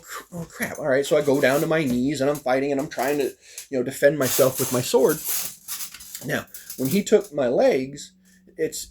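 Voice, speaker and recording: A man casually telling a personal story about a fighting practice, animated and full of fillers, acting out the lines of the people in it. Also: mid-range voice, breathy edge. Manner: animated, acts out quoted lines, frequent fillers.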